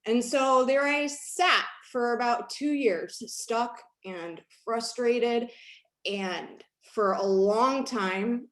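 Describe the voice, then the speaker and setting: A woman's voice: medium pitch, echoey room. A woman hosting a talk, telling a candid personal story in an emphatic way and repeating phrases to drive them home. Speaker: host.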